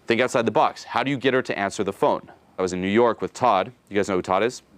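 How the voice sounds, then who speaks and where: A man's voice: on the low side, no room sound. A man giving a casual, profane coaching talk to a group, acting out bits of dialogue and constantly asking "okay?". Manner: rapid, casual, profane, keeps checking in with "okay?"; acts out dialogue while explaining. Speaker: dating coach.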